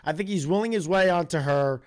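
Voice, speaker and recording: Male co-host, a bit high-pitched, relaxed podcast banter, loose and rambling. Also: a little fast. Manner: easygoing, trails off and restarts. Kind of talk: casual recap chat.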